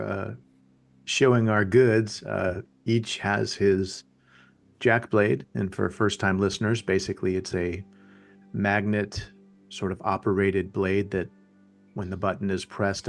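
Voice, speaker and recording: A man playing in a tabletop game, laid-back and joking, often halting with fillers. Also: lowish voice, vocal fry. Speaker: player. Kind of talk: casual tabletop play.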